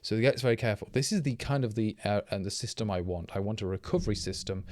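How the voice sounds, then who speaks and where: A slightly low-pitched man talks through live coding and rambles as he works. He is a little tipsy from drinking and keeps stopping to correct himself mid-sentence. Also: fast, a little mellow, no echo, studio quality. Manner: rambling, thinking aloud, self-correcting. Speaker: programmer streaming live.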